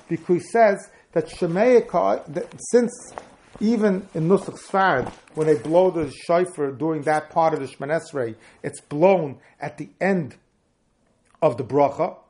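A man's voice: on the high side, darkish tone. A man teaching Jewish law in a Talmudic lecture. He explains each point patiently, with the sing-song rise and fall of the study hall. He stresses the key words as he builds his argument.

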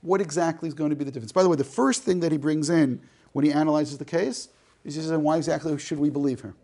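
Gravelly man teaching a text class. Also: a little high, fairly even intonation, fast talker, dark tone. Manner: reads text line by line and translates, jokes with the class. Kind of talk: classroom lecture.

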